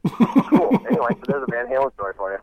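A man's voice: mid-range voice, wildly swooping pitch, quick pace, a crowd in the background, poor audio. A middle-aged man, a musician guest, telling rambling stories in an interview. He restarts often and acts out the quotes of the people in his stories. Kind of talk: animated storytelling in an interview.

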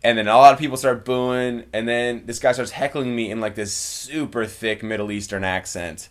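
A man, a stand-up comic, chatting casually and telling animated stories, acting out quotes and laughing often. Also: mid-range voice, moderate pace. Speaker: stand-up comedian guest. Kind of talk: casual chat, storytelling.

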